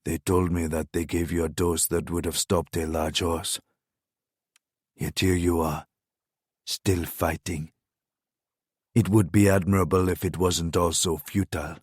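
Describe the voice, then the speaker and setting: A man voicing a menacing, mocking crown prince in an audiobook thriller, speaking in a low, scornful, taunting tone. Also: flat delivery, unhurried, long pauses, breathy edge, dry recording, clean studio sound.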